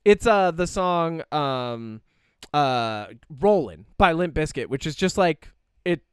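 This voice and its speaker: A man co-hosting a podcast, talking in a casual, rambling way and acting out little quoted lines as he goes. His voice sits a little high and sounds smooth and clear. The recording is dry and close, with no room echo. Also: slow. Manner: animated, rambling with many "like" fillers and quoted asides. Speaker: podcast co-host. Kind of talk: casual chat.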